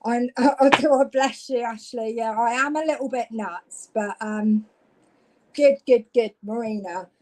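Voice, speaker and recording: A woman, from Devon, reads cards for viewers on a live stream. Her voice sits a little high, and her talk is chatty and friendly. She gets louder as she gets excited. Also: a little slow, very noisy. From Devon, England. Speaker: psychic medium giving live readings.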